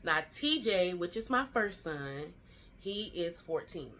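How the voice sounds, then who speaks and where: Woman vlogger, 30s, lower register; lively, chatty storyteller. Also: takes it slowly, a little hiss or hum. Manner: animated storytelling, acts out quoted family lines; chatty and slangy, fillers like "child" and "y'all". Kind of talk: storytime vlog.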